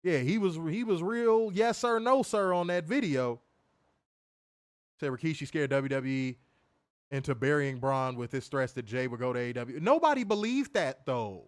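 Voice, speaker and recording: A man co-hosting a casual wrestling review podcast, animated, swearing freely and laughing often. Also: mid-range voice, normal speed. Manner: animated, profane, laughs a lot. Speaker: podcast co-host.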